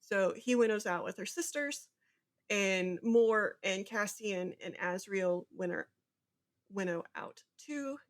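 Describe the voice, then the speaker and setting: A woman co-hosting a book podcast, recapping chapters in easy, casual chat. Her voice sits at an ordinary middle pitch. She keeps things moving, slipping into quick character voices as she tells the plot. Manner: animated retelling, acts out character lines. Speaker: podcast co-host.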